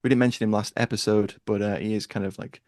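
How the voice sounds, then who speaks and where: A man co-hosting a podcast, relaxed and anecdotal in casual review chat. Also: on the low side, fast talker, dry recording, clean studio sound. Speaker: podcast co-host.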